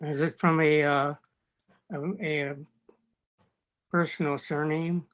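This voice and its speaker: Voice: medium pitch, level tone, slow pace, clean tone. A contestant at an online spelling bee who hesitates and asks for words and definitions again. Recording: dull lo-fi online audio.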